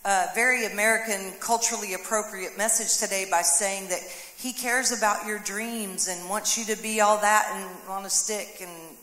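A woman's voice: medium pitch, fairly even intonation, moderate pace, few pauses, bright, forceful tone. A woman pastor preaching a sermon, voicing prayers and quotes dramatically. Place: church sanctuary. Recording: echoey hall with long reverb.

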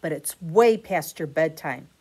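A firm, patient mother's voice, gently scolding at bedtime, read aloud by a woman. She speaks slowly and steadily, close to an everyday tone. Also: deep voice, expressive, slightly rough, heavily acted.

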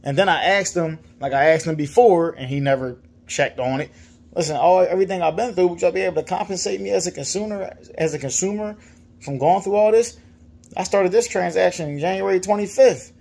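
Brief: frustrated man with a Virginia accent, casual venting vlog, slightly high voice. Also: brisk, creaky, a little mellow. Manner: frustrated, repetitive, mimics others' lines. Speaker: customer complaining about a dealer.

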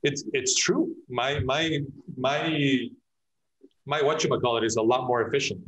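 A man's voice: medium pitch, steady tone, a little slow, a bit bright, poor audio. A man, a real estate agent, talking in a casual podcast interview, telling stories with many restarts and acting out his clients' lines.

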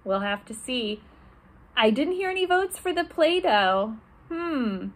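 A woman librarian leading a children's storytime, talking gently and asking the kids questions. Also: sits high, very animated, takes it slowly.

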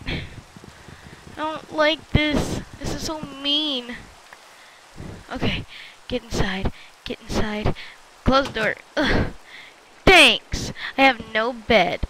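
High bright-voiced woman gamer. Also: slow pace, long pauses, a little hiss or hum, low-quality recording. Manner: chatty, talks to viewers, frequent exclamations. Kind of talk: let's-play commentary.

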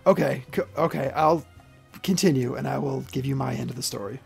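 A man's voice: mid-range voice, brisk, creaky, breathy edge, soft background music. A man hosting a casual chat, prompting a guest to tell the whole story. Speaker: podcast host.

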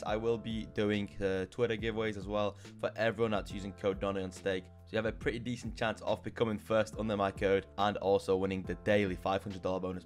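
A young man commentating his slot gambling session, shouting excitedly as wins land. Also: medium pitch. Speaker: slot streamer.

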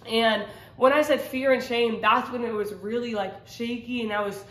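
A woman's voice: on the high side, steady tone, normal speed, a bit bright. A woman sharing a personal faith testimony in casual, earnest talk, rambling with many fillers and restarts. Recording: roomy echo.

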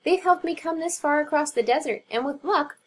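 A woman doing a squeaky eager young mouse. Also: a little fast, lightly acted. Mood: earnest. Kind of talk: storybook read-aloud.

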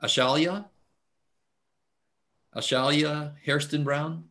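A man's voice: fairly high pitch, slow. A man teaching a math class over a video call, talking casually with lots of fillers while taking roll. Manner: relaxed, chatty, many fillers. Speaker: math instructor. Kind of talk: casual online class talk. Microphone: computer mic on video call.

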